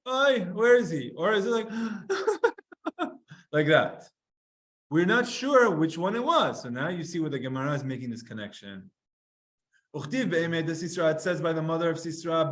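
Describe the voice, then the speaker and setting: A man teaching a lively Gemara class to students, reading Hebrew lines aloud, translating them and acting out sighs and whimpers. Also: fairly high pitch. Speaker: Talmud teacher.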